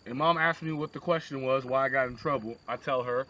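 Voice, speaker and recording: A man's voice: medium pitch, brisk, hardly any pauses. A young man telling a rambling, crude shaggy-dog story with lots of asides, on a lo-fi phone recording. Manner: animated, crude, digressive.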